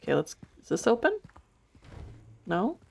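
A woman's voice: mid-range voice, wildly swooping pitch, a little slow, gravelly, darkish tone, breathy edge. Chatty young woman streaming a game. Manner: chatty, laughs easily, swears casually, talks to chat. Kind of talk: live-stream gameplay commentary. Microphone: desk microphone.

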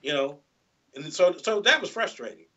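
A man with a fairly high, bright and forceful voice talks loosely in a casual interview. He rambles, restarts and leans on "you know" again and again. His audio comes through dull and lo-fi. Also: animated, moderate pace. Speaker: guest guitarist.

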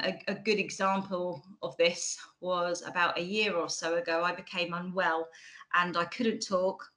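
Her voice sits mid-range with a fairly bright tone, and the recording is rough. She is a conference speaker in her forties from England with a Bracknell, Mockney-like estuary accent, delivering a chatty online talk over a computer mic with frequent ums and restarts.

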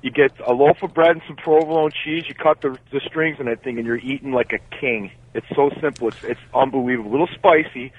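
A man's voice: medium pitch, quick pace, few pauses. A man calling in to a radio show, enthusiastic and folksy. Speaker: caller. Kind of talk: phone call to radio show. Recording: tinny phone line.

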